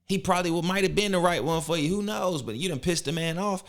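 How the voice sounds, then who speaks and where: A man's voice: sits high, fast talker. Slangy mocking man reacting to a clip. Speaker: reaction video host. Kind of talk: casual commentary reacting to a clip.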